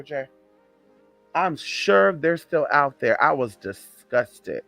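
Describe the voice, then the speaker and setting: A man's voice: lively intonation, slow pace, gravelly, fairly bright tone, soft background music. Sassy flamboyant young man chatting live. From Southern US. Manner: sassy, flamboyant, calls viewers honey, drops into low muttered asides. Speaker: live-stream host. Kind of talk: casual live-stream chat.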